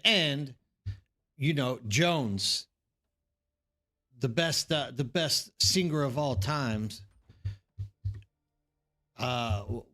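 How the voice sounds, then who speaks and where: A man's voice: mid-range voice, fairly bright tone. A man streaming a game live, chatting casually and rambling to his viewers, calling them by name.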